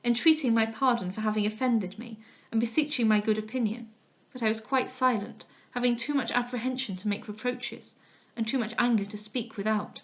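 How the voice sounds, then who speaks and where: Woman narrating an old novel, slightly high voice, measured and expressive. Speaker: audiobook narrator. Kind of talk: reading a classic novel aloud.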